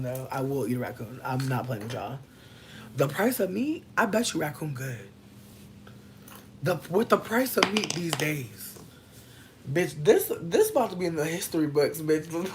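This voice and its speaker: Animated, profane woman riffing casually. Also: normal speed, background noise. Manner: loose, profane, riffing with big swings in pitch. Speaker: podcast host. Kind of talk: casual comedic chat.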